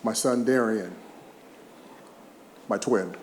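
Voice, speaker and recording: A man's voice: fairly low pitch, slow pace, slight background noise. A man around sixty, a retired baseball player, giving an emotional, humorous speech with personal anecdotes at a podium. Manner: emotional, humorous storyteller who chokes up at times. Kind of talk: heartfelt public speech with anecdotes. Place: large event hall. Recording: echoey hall, faint ambience.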